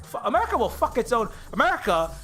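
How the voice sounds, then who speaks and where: High, bright-voiced man ranting angrily. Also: big pitch swings, quick pace, soft background music. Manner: angry, profane, stammering restarts. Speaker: indie game developer streaming live. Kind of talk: heated political rant on a livestream.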